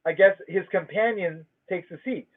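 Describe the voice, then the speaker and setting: A man's voice: high-pitched, moderate pace, slightly rough. Man, livestream host, profane, emphatic rant, casual storytelling, tinny phone-like sound.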